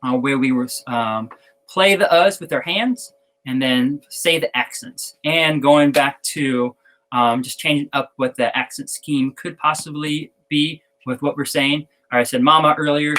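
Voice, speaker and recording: A man's voice: on the high side, unhurried, a bit bright. A man giving an online drum technique lesson, explaining exercises with fillers and self-corrections and chanting syllables in time as he counts off. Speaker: percussion teacher.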